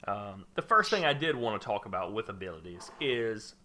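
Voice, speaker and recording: A man's voice: fairly low pitch, sing-song, normal speed, pushed and bright, slight background noise. A man hosting a casual gaming podcast, rambling with lots of fillers and restarts. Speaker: podcast host. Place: home room under a spotlight.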